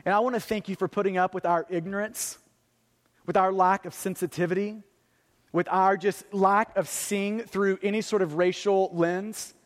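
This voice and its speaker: A man in his thirties delivers a sermon in a high, earnest voice, pressing his points with rhetorical questions and repetition. His words ring out with a long reverb from a large church hall. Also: steady tone, normal speed. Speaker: pastor. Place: church sanctuary.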